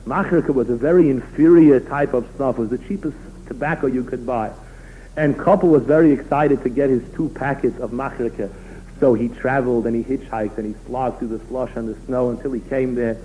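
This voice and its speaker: A man, a rabbi, giving an expressive sermon full of stories. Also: mid-range voice, a little fast, slight background noise. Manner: storytelling, expressive, emphatic. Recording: tinny phone-line recording.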